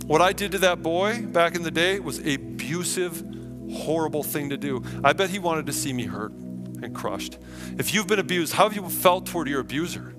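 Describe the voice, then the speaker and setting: Animated preacher with a ringing hall reverb. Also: male voice, fairly high pitch. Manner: animated, vivid storytelling. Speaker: pastor. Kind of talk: sermon.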